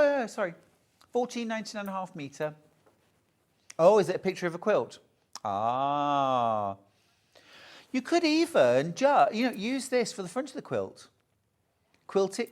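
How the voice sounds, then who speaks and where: A man presents fabrics on a live studio shopping broadcast. He gushes with enthusiasm, and his voice swings widely up and down as he chats. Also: a little high. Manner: enthusiastic, chatty, gushing over fabrics. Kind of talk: live sewing shop presentation. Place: television studio.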